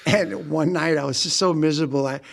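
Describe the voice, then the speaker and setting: A man's voice: a little high, steady tone, brisk, creaky, a bit bright. A man in his sixties with a grandchild, a podcast guest who stammers and restarts as he chats. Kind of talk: casual chat.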